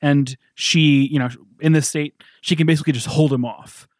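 A man co-hosting a podcast in casual chat, animated and joking. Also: on the high side, moderate pace, no echo, clean studio sound. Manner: animated and jokey. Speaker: podcast co-host.

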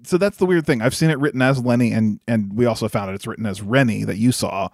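A man co-hosting a podcast in easy, casual chat, at an average pitch. He talks in an animated way, laughs often and fills his sentences with "like." The recording is dry and close. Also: fast talker, creaky, dry recording. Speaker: podcast co-host.

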